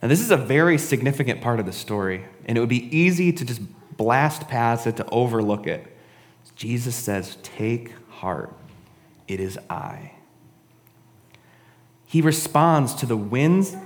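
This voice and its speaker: A man's voice: medium pitch, in a large hall. A man giving a casual, conversational sermon, often adding "right?" and "honestly". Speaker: preacher.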